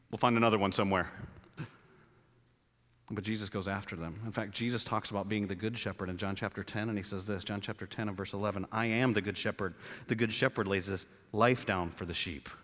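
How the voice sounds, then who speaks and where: A man's voice: lowish voice, fairly quick, big-room sound. A man preaching a sermon to his church, telling the story with humor and acting out voices. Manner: animated, jokey storytelling with acted-out voices. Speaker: pastor. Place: church building.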